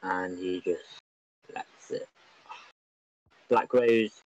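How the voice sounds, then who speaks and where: A man giving excitable, rambling, openly biased live commentary on an online football match. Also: sits low, very slow, lo-fi sound.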